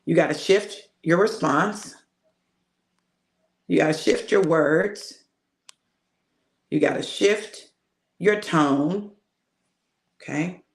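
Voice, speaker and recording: A woman's voice: deep voice, slow, pauses often, reverberant. A woman minister delivering a casual, emphatic spoken sermon, talking straight to her listeners. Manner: emphatic and conversational, addressing listeners directly. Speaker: prophetic minister.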